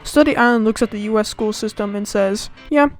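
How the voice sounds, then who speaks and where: A sarcastic American student woman rants on her channel with a gravelly, fry-laden voice. Her complaints are deliberately overblown and mocking. Faint music plays behind her. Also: medium pitch, fairly even intonation, poor audio. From United States. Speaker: channel host. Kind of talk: comedic rant to camera.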